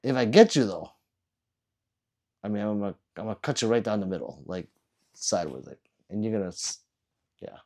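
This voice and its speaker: A man's voice: fairly low pitch, animated, brisk, long pauses, a little mellow. A man livestreaming, reading out chat messages and teasing viewers in a loose, rambling, joking way.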